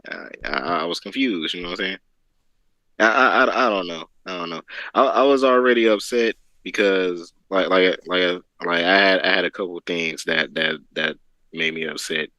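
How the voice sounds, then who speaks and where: A man's voice: sits low, moderate pace, bright, forceful tone, dry recording, poor audio. A man co-hosting a wrestling chat, ranting and repeating himself as he talks. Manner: repetitive, stammering, ranting. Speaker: wrestling podcast co-host. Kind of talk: casual chat.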